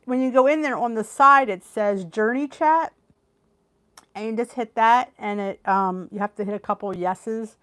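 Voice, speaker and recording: A middle-aged woman with a Philadelphia accent, host of a weight loss channel, chats with viewers on a live stream, laughing often. She's from the Philadelphia area, and her voice runs on the high side with a fairly bright tone and a moderate pace.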